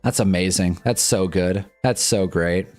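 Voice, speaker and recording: A man's voice: low voice, measured pace, a little mellow. A young man hosting a live fan stream, commenting wryly and with exasperation as a football game plays, drifting into casual chat. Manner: wry, exasperated fan commentary, loose and rambling. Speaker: livestream host reacting to a football game. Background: faint music.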